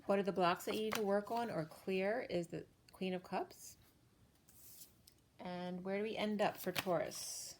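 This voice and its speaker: Woman doing a tarot reading, kinda hoarse, chatty, lots of ums and restarts, middle pitch. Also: fairly even intonation, measured pace, slight background noise. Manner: chatty, thinks aloud with fillers and self-corrections. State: hoarse, losing her voice. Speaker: tarot reader. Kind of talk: casual tarot card reading.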